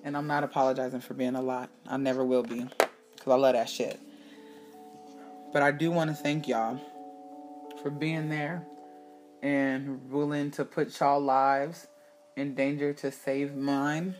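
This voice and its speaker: A woman hosting her own show, telling a personal story in a candid, animated way, swearing freely and acting out what people said. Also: very deep voice, unhurried, pauses often, faint music behind. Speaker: podcast host. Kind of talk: casual storytelling monologue.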